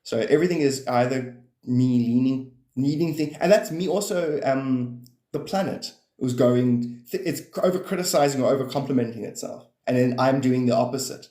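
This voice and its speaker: A man's voice: medium pitch, moderate pace, dark tone, echoey room. A man rambling through casual livestream chat about spirituality, swearing freely and laughing often.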